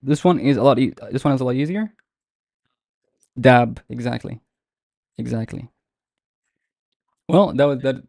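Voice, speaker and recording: A man teaching a live online class, explaining patiently and step by step with many pauses. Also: mid-range voice, lively intonation, dark tone, no room sound, studio quality. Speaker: Arabic teacher.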